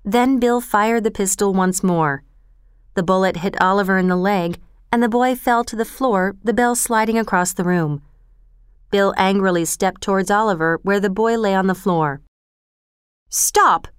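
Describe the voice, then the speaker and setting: A woman narrating a storybook in an even, clear reading manner. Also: mid-range voice, normal speed, no room sound, studio quality.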